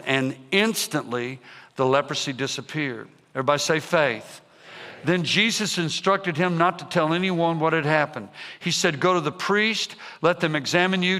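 A man preaching a revival sermon, calling out to the congregation again and again. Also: a little high. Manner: energetic, repetitive calls to the congregation. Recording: long hall reverb.

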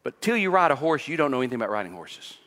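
Bright-voiced man preaching in a hall. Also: medium pitch, big pitch swings, very fast. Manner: expository preaching with personal stories, voice rising when emphatic. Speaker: pastor. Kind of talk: sermon.

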